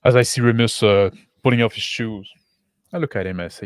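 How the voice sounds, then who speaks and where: Low-voiced man playing a tabletop game. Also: a little fast, dry recording, studio quality. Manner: casual, checks in with others. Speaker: player. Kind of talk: casual tabletop play.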